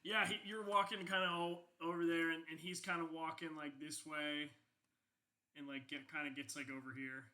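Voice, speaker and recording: Young man, game master, casual rambling narration, bright voice, slightly high pitch, lots of filler words. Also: flat delivery, normal speed, poor audio.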